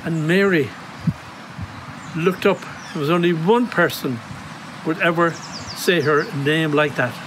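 An Irish priest giving a reflective homily outdoors at a grotto, telling stories in a gentle, conversational way. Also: male voice, fairly high pitch, a little slow, long pauses, noisy background. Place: outdoor grotto on monastery grounds.

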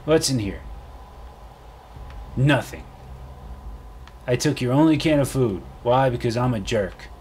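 A man's voice: medium pitch, lively intonation, measured pace, long pauses, a little mellow, slight background noise. A man ranting and swearing through a let's play commentary. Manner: salty, swearing, ranting at the game. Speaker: gaming YouTuber.

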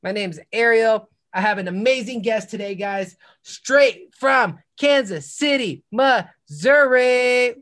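A man with a high-pitched voice hosts his own podcast in a loud, hyped-up style. He fires off whooping catchphrases while plugging his show between guest questions. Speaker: podcast host. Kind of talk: hyped podcast intro and self-promotion.

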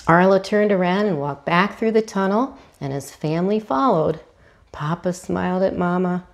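A woman volunteer reading a children's storybook aloud, animated and asking her young listeners questions. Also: lowish voice, normal speed, gravelly. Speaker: hospital volunteer reader.

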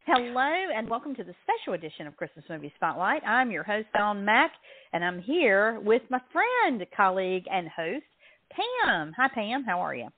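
A woman's voice: medium pitch, sing-song, normal speed, dry recording. A woman with a Southern US accent co-hosting a radio chat show, bubbly and laughing, often restarting her sentences. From Southern United States. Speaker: radio co-host. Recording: tinny dry phone line.

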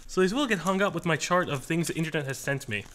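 An excitable, jokey man rambles through a casual unboxing at home. His voice sits a little high for a man. A faint hiss runs under the recording. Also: fast. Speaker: channel host.

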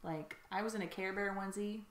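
A woman's voice: mid-range voice, fairly even intonation, fast, reverberant. A woman co-hosting a podcast, chatting casually and laughing often as she tells stories. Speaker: podcast co-host. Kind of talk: casual chat.

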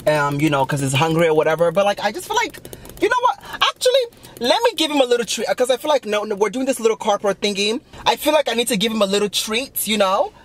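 In a car, a man performs a comedy sketch fully in character as Patricia, a brash, sassy young mom. His sing-song delivery is fast, loud and giggly, swooping up high, with constant swearing.

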